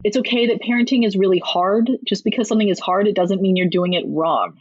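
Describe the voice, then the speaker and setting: A chatty woman author on a podcast, talking emphatically and sometimes slipping into a higher voice to act out quotes. Her voice is husky and breathy, and the sound is dry and a little dull and lo-fi. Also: fast talker, dry recording. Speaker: parenting author and guest. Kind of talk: podcast interview.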